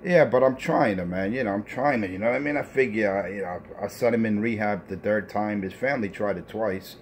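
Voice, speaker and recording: A man's voice: fairly low pitch, a little fast, slight background noise. A man trash-talking over the radio, taunting and repeating himself, with plenty of profanity. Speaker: CB radio talker.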